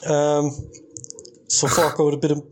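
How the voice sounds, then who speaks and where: A man's voice: on the high side, monotone, a little slow. A young man co-hosting a podcast, laughing often and joking crudely. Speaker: podcast co-host. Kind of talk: casual chat.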